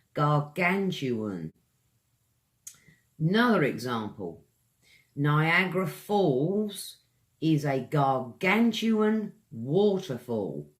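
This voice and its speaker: A man with a British accent giving an online English pronunciation lesson, stretching out each word and chatting to viewers between examples. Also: a little high. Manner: slow, drawn-out enunciation of words, chatty asides to viewers. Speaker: English teacher.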